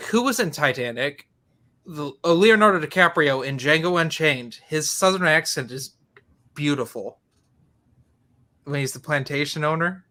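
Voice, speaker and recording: A man keeps a casual online movie watchalong going with a bright, forceful voice. He sits a touch high in pitch, jumps in with excited reactions and laughs easily among friends. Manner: excitable, quick to laugh, counts down playback. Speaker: watchalong host. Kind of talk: casual group chat over a movie.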